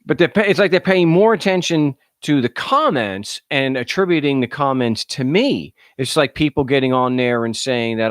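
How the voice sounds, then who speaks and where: An American talk show host delivers a casual call-in monologue in a sarcastic tone, frequently tripping over repeated words as sentences begin. His medium-pitched voice moves at a moderate pace with hardly any pauses, and the studio sound is clean with no echo.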